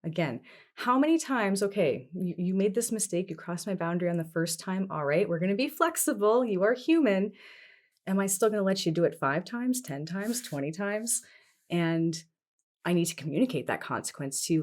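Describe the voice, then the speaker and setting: A woman from Canada, a therapist guest on a podcast, explaining things calmly with strings of questions. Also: mid-range voice, moderate pace. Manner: explains steps with strings of questions, calm and instructive. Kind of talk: podcast conversation.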